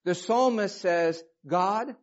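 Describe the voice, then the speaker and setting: A man in his fifties preaching a sermon, telling a personal story with emotion and reading scripture with rising passion. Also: slow pace. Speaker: pastor. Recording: muffled low-fidelity recording.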